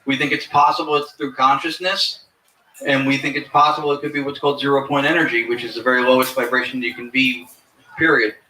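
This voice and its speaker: A man who looks into the paranormal explains his theories in depth, cracking jokes along the way, during a live interview at a fair. He speaks quickly in a steady, medium-pitched voice with a bright, forceful tone; the recording is echoey and far from the mic, with faint noise.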